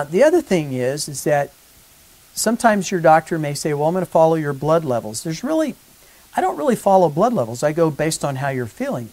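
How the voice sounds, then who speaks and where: A man, a physician, giving a conversational educational talk to patients and growing animated when he acts out exchanges with colleagues. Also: on the high side, poor audio.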